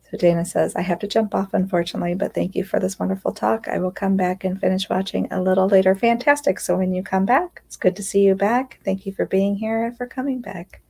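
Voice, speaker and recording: A woman's voice: medium pitch, fairly even intonation, a little fast, gravelly, few pauses, a little mellow. A woman giving an earnest, confiding self-help talk on a live stream, often checking in with "right?". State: close to tears at times. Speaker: inner healing coach.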